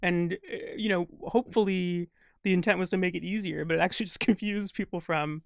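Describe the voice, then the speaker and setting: A man chatting as a guest in an interview, thinking out loud in long, winding sentences full of fillers. His voice has a gravelly fry but stays smooth and resonant underneath. The sound is dry and close. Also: high-pitched, fairly even intonation, a little fast, dry recording. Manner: thoughtful, rambling with many fillers. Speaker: guest crossword constructor. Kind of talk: casual interview conversation.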